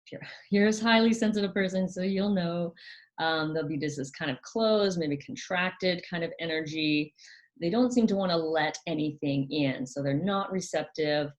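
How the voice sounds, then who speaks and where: A woman hosting her own channel, explaining things gently in a casual monologue, often hesitating with ums and restarting her sentences. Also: fairly low pitch, normal speed. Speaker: channel host.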